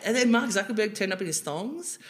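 An Australian woman in her forties speaks as an interview guest. She tells her stories in an animated way, breaking into laughter and restarting her sentences often. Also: medium pitch, brisk. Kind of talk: casual interview chat.

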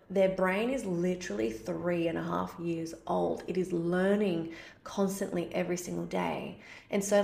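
Chatty woman with gravelly voice. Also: fairly low pitch, reverberant. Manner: chatty, many "like" fillers, acts out parent-child exchanges. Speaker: podcast host answering a listener question. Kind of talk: casual advice talk.

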